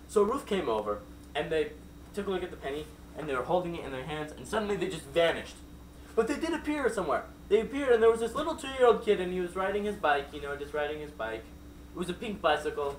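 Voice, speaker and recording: A man's voice: fairly high pitch, slight background noise. A man telling a made-up, silly story off the cuff, rambling with many digressions and asides. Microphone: distant mic. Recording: roomy echo from far off, faint background.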